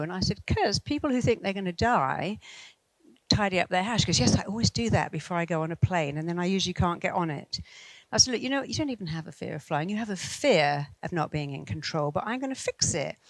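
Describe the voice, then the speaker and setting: A woman's voice: on the low side, vocal fry, dry recording, rough recording. A woman in her fifties, a hypnotherapist, giving a motivational talk full of anecdotes and acting out the voices of the people she quotes. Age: 50s. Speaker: hypnotherapist and speaker.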